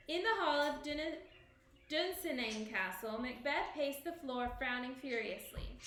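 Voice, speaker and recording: A woman's voice: sits high, unhurried, fairly bright tone, reverberant, slight background noise. A woman reading a storybook aloud expressively at home, as a teacher to a child.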